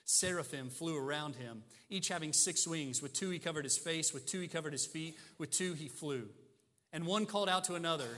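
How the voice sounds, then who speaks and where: Bright-voiced preacher man in a reverberant hall. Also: fairly high pitch, fairly quick. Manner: emphatic, rhetorical questions, swings between loud and soft. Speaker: pastor. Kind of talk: sermon.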